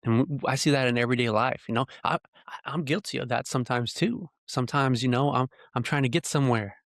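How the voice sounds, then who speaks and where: A man hosting his own podcast rants quickly in a medium-pitched voice, delivering an earnest, heated solo monologue full of rhetorical questions. He speaks into a close podcast mic, with no echo.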